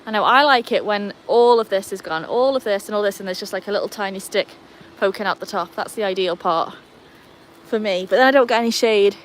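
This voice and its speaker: A woman's voice: medium pitch, fairly quick, a little hiss or hum. A woman hosting a casual livestream in her garden, chatting to viewers while fussing over her dogs. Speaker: livestream host. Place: outdoor garden.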